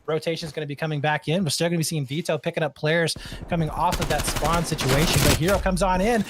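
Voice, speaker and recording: A man's voice: a little high, fairly even intonation, quick pace, background noise. A man giving laid-back, chatty commentary on an esports match. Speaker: esports caster. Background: game gunfire and clicks.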